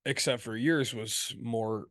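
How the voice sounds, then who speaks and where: A man's voice: mid-range voice, fairly even intonation, slow, fairly bright tone, no echo. Congested man, podcast co-host, rambling, laughing, dry sound. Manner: laughing, rambling with a "right?" tic. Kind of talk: casual chat.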